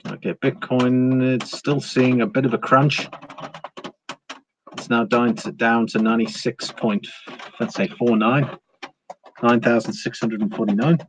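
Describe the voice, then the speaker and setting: A man's voice: mid-range voice, steady tone, unhurried. A man hosting a live stream in casual chat, reading out viewer comments and answering them with frequent fillers and restarts. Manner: reads viewer comments aloud and replies. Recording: dull lo-fi audio with faint hiss.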